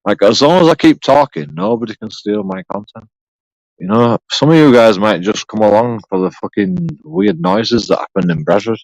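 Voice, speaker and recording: A man's voice: on the low side, animated, moderate pace, creaky, a little mellow, dry recording, low-quality recording. Sweary rambling man. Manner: profane, rambling, sarcastic, repeats himself. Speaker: YouTube auditor. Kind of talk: rambling solo vlog monologue.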